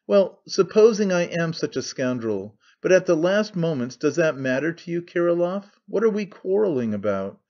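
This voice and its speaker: A sly, excitable young conspirator, read by a man in an audiobook, wheedling and pressing in a slightly raised voice. The recording sounds dull and lo-fi. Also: on the high side. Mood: persuasive. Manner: fast-talking, wheedling, sly. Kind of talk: audiobook character reading.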